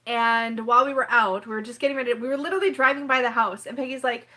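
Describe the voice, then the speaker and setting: A woman's voice: a little high, fast talker, bright, forceful tone. A woman hosting a tarot live-stream unboxing at home, chatty and emotional, often laughing through tears. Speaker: tarot livestream host.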